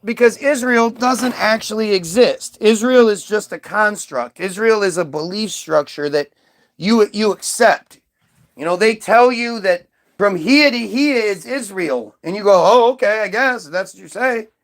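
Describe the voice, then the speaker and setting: A man's voice: high voice, measured pace. A man hosting a livestream, rambling and swearing while reading things aloud from his screen. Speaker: livestream host.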